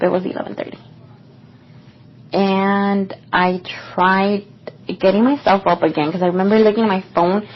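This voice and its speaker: A young woman at an ordinary middle pitch recounts a personal story on a podcast, casual and meandering and full of filler words. The recording is muffled and lo-fi, lacking crispness. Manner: casual, rambling, with many "like" fillers. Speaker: podcast co-host.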